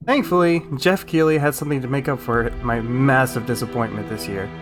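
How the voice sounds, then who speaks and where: Sarcastic young guy ranting about games, loud music playing under him. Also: mid-range voice, fairly quick, few pauses. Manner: sarcastic, excitable outbursts. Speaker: gaming YouTuber. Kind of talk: comedic recap commentary.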